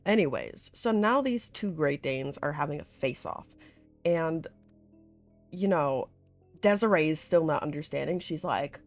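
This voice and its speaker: A woman's voice: low voice, lively intonation, measured pace, faint music behind. A woman vlogger recapping a series in casual, rambling chat, full of filler words. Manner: chatty and rambling, full of "like", with laughs and swearing.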